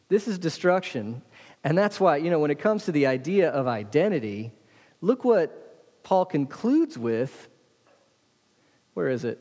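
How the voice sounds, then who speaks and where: A man's voice: a little high, big pitch swings, measured pace, long pauses, warm tone. Male pastor, sermon, emphatic call-and-response delivery, long church-hall echo. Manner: emphatic, calls on the congregation to respond.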